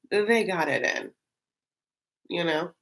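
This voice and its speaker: A woman's voice: fairly low pitch, slow, fairly bright tone. A woman hosting a live stream, chatting casually and rambling with lots of fillers and giggles. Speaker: live-stream host reacting to a reality show.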